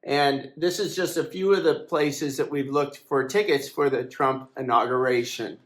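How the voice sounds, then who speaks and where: A man's voice: mid-range voice, normal speed, a bit bright, echoey room. A man, founder and editor of a website, talking casually and hesitantly, with many fillers and restarts, in an aggrieved, complaining way. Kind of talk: casual monologue to camera.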